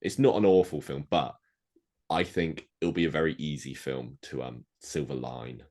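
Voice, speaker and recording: A man co-hosting a podcast in a relaxed, chatty way, often dropping "like" between thoughts. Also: rumbling low, normal speed. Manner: chatty, with many "like" fillers. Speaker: podcast co-host. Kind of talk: casual chat.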